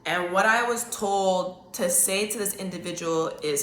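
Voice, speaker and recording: A woman hosting a solo podcast in a loose, chatty way. She often checks in with her listeners with an okay. Her voice is bright and a little low, and the room around her is echoey. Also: measured pace, hardly any pauses, slight background noise. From Canada. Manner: casual, chatty, talks to listeners directly with many okays. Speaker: podcast host. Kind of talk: solo psychic-reading podcast talk.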